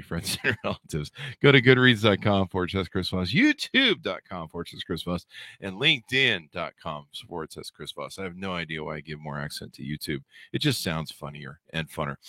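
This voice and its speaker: A man's voice: deep voice, bright, forceful tone, no echo. A man hosting a podcast in a jokey, rambling way, full of self-mocking asides. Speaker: podcast host. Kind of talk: casual podcast chat.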